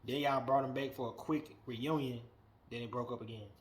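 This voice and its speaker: Brisk and mid-range, this man's voice carries a wrestling podcast rant that is blunt, profane and animated. His delivery veers from muttered lines to loud outbursts.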